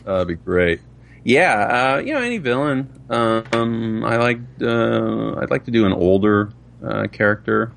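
A man's voice: on the low side, lively intonation, a little slow, vocal fry, a bit bright, slight background noise. A man, a father and voice actor, chatting in a casual interview and laughing often. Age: adult with children. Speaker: voice actor guest.

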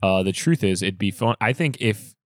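Animated man retelling movie scenes. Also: on the low side, normal speed, no room sound, clean studio sound. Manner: animated storyteller who acts out quotes. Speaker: podcast co-host. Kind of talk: casual film chat.

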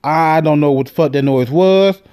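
Brief: male podcast host, fairly high pitch, loose and profane comic storyteller. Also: normal speed, clean tone. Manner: profane, animated, lots of fillers. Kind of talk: comedic storytelling monologue.

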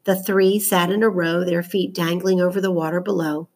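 A woman narrating a children's novel aloud in a measured, steady storytelling voice. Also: fairly low pitch. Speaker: audiobook narrator.

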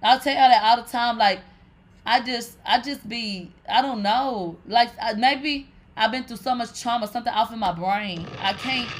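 Speaking at a moderate pace in a fairly high voice, a woman livestreams casual stories to viewers. Her delivery rambles and is full of fillers like "like," and she's animated, swearing nonstop and frequently calling listeners "bitch."

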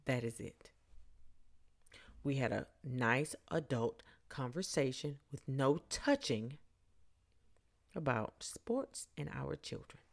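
A woman's voice: rumbling low, lively intonation, takes it slowly, creaky, pauses often. A woman hosting a podcast, telling a story in a blunt, sarcastic, dry way. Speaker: podcast host. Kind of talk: casual storytelling.

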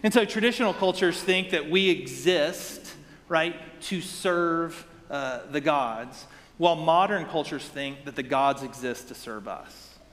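A man's voice: a little high, measured pace, a bit bright. Preaching man in a reverberant hall. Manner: conversational preaching with rhetorical questions. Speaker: pastor. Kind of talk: sermon.

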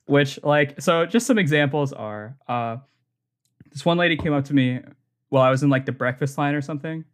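A young adult man telling a rambling, comic story on a podcast, full of "like" and quick laughs. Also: mid-range voice. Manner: rambling, laughs often, heavy use of filler "like". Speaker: podcast co-host. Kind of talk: casual comedic storytelling.

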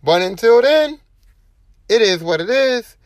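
High-voiced man rambling on his podcast. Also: lively intonation, unhurried, no echo, studio quality. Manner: rambling, slangy and profane. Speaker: podcast host. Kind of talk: casual solo podcast monologue.

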